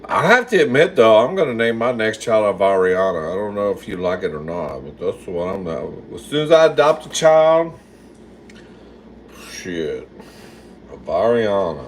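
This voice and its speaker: A man with a fairly low voice and lively intonation livestreams casually from his home kitchen while cooking, at a moderate pace with a little hiss or hum. He answers viewer comments sassily, swears a lot, and calls everyone "girl."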